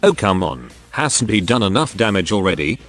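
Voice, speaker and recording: A man's voice: on the low side, big pitch swings, moderate pace, a bit bright, soft background music. A computer-generated male voice reading crude first-person forum stories straight through. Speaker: narrator.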